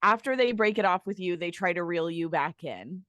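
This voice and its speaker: Lively, blunt woman co-host. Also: fairly low pitch, moderate pace, no room sound, lo-fi sound. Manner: teasing, blunt, explains terms to listeners. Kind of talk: casual podcast chat.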